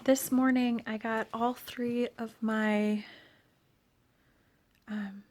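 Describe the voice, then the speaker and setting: A woman's voice: a little high, little pitch movement, takes it slowly, darkish tone, dry recording. A woman chatting casually at home in a vlog, rambling and sometimes dropping to a near-whisper. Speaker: vlogger and homeschooling mom.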